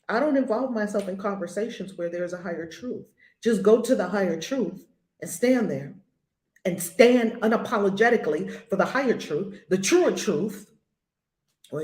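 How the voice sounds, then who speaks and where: A woman's voice: medium pitch, darkish tone, roomy sound. An older woman giving a spiritual lesson, blunt and emphatic, hammering home her points by repeating them. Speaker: spiritual teacher.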